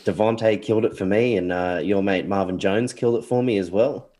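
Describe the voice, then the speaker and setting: A man's voice: lowish voice, fairly even intonation, fairly quick, warm tone. A man co-hosting a casual podcast chat with laid-back teasing banter, sounding sniffly and congested. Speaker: podcast co-host.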